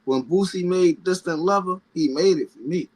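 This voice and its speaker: A man's voice: high-pitched, moderate pace, a loud crowd, rough recording. A man with a Baltimore accent, a guest on a casual stream, laid-back and emphatic as he agrees. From Baltimore, USA. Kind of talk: casual chat.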